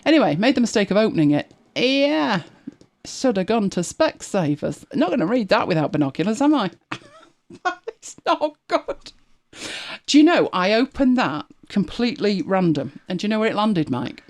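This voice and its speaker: A woman's voice: medium pitch, big pitch swings, brisk, few pauses, a little mellow. A woman with an English accent hosting a live podcast, telling wry everyday stories with a chatty manner. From Manchester, England. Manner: chatty, wry storytelling with laughs. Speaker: podcast host. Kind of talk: casual chat on a live podcast.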